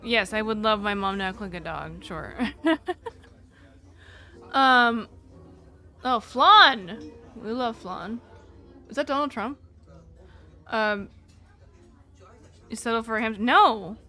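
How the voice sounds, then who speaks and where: Bright-voiced young woman rambling candidly. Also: on the high side, lively intonation, slow pace, long pauses, faint music behind. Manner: rambling, candid, fillers like "like" throughout; swears casually. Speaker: live streamer. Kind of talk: casual storytelling and chat reading.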